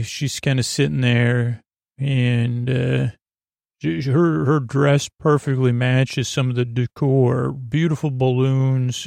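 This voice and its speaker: A man's voice: mid-range voice, vocal fry, darkish tone, dry recording, clean studio sound. A man hosting a podcast, giving a lulling bedtime recap of a TV episode in a rambling, loose way with lots of fillers. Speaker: podcast host.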